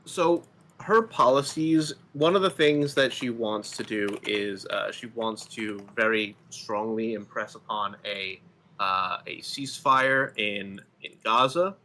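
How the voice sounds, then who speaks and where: A man from the United States co-hosting a casual political commentary show, explaining things in a measured way with frequent ums. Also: fairly low pitch, bright, forceful tone, slight background noise. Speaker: podcast co-host.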